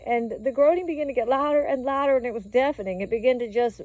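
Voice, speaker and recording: A woman's voice: sits high, quick pace, hardly any pauses, darkish tone, dry recording, rough recording. Earnest woman filming a phone vlog outdoors. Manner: earnest, rambling, emotional, with frequent fillers. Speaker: vlogger sharing a dream. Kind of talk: casual testimony to camera. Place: outdoors walking her dog in town.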